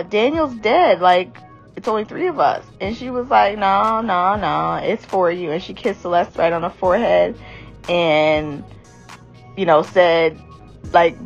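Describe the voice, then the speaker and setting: A woman giving a candid, casual commentary on a reality show, blunt and rambling with lots of fillers. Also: fairly low pitch. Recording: dull lo-fi audio with faint music.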